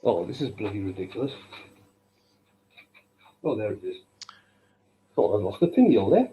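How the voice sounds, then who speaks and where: A man's voice: lowish voice, very animated, normal speed, muffled recording, a little hiss or hum. A man hosting a live woodturning stream from his workshop, chatting casually and cracking wry jokes as he works. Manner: joking, wry, dry humour. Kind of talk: casual chat while working. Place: home workshop.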